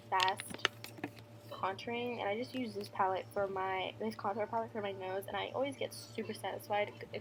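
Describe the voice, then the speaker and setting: A young woman, a beauty vlogger, chats casually in a voice-over while walking through her makeup routine, saying "like" a lot and adding loose asides. Her voice is medium-pitched, and the recording is very noisy.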